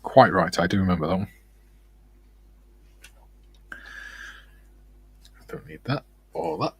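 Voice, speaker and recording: A man's voice: sits low, animated, slow pace, fairly bright tone, slightly rough. A man co-hosting a model-building stream, chatting casually and reading out viewer comments, laughing easily.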